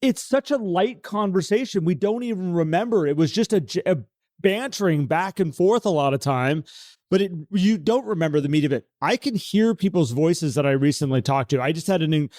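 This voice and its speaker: A man co-hosting a podcast in casual conversation, animated and acting out the voices he quotes. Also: high voice, moderate pace, no room sound, clean studio sound. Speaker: podcast co-host.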